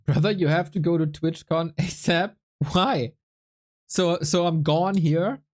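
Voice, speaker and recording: A man's voice: fairly high pitch, a little slow. A young man casting a strategy game live, chatting with viewers between plays and reacting as the match unfolds. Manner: lively, chatty, reacts to viewers mid-commentary. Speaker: esports caster and streamer.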